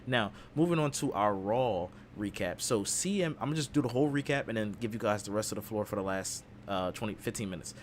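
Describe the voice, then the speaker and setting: A man's voice: lowish voice, animated, fast talker, few pauses, slight background noise. A man hosting a casual wrestling podcast, recapping the show in a playful way and slipping into silly voices. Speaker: podcast host.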